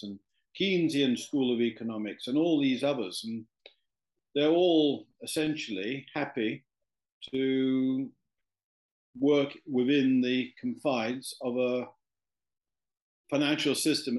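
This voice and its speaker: A man's voice: mid-range voice, a little mellow. A man, a guest in an interview, telling a long story in a rambling way with many fillers and restarts. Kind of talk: anecdotal storytelling in conversation.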